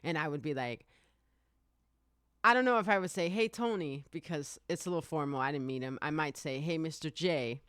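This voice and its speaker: A podcast host in their forties, chatting excitably on a live stream, rambling, laughing often and swearing freely. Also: medium pitch, fairly quick, long pauses, clear, resonant tone, dry recording, clean studio sound.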